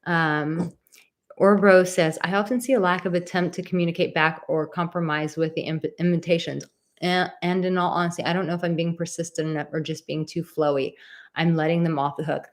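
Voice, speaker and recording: A young adult woman with a somewhat low voice hosts a live advice chat. She reads viewer comments aloud and answers each one in an encouraging, direct way. She often repeats a word for emphasis. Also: steady tone, brisk. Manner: coos in a high baby voice to her dog. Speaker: advice show host.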